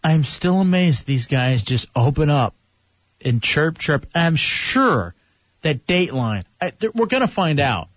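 A man's voice: a little high, unhurried, no echo. A male radio host chatting casually with his co-hosts while he plays clips and reads messages aloud. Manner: animated, playing clips and reading chats aloud. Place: radio studio. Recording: dry, slightly muffled broadcast.

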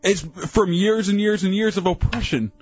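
A man's voice: high-pitched, moderate pace, husky, no echo, highs cut off, faint music behind. A man co-hosting a call-in radio show, arguing defensively and insistently. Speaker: radio co-host. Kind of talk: bantering call-in talk.

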